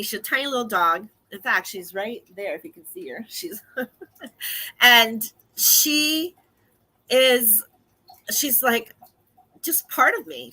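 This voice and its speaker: A woman's voice: on the high side, pushed and bright. A woman hosting a radio podcast, talking casually with frequent laughter and greeting listeners by name. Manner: chatty, laughing often, greets listeners in chat. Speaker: podcast host. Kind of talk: casual talk show monologue.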